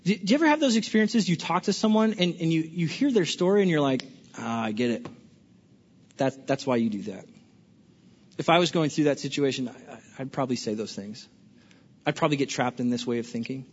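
A man preaching a sermon as a pastor, animated and playful, often stammering and restarting his sentences. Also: on the high side, fast talker, husky. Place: large church hall. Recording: dull lo-fi recording with long hall reverb.

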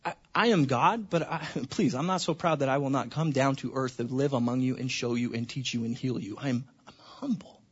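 A man preaching a sermon to his congregation, passionate, dropping to hushed tones and then rising to near-shouts. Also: medium pitch, brisk, few pauses, husky, lo-fi sound. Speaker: pastor.

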